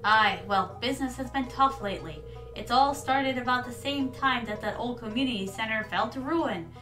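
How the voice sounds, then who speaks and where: A woman's voice: a little high, normal speed, bright, forceful tone, recorded from a distance, soft background music. A woman voicing a friendly older male fisherman in a game, with folksy old-sailor talk.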